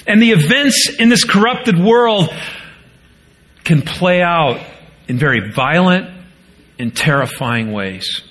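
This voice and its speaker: A man preaching a sermon as pastor, rising into pleading quotes and dropping low and quiet for solemn points. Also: expressive, slow pace, long pauses, a little hiss or hum.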